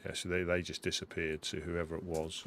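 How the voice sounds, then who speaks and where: A man chatting casually with fellow players during a game, telling a story in a steady, level way with some fillers. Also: sits low, a little fast, a little hiss or hum. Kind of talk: casual chat while gaming.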